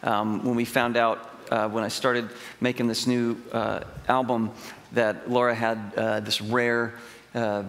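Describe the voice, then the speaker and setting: A man's voice: medium pitch, level tone, a little slow, a bit bright. A middle-aged man preaching a sermon in a large church, telling stories in a conversational way and acting out quotes with emphasis. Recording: long hall reverb.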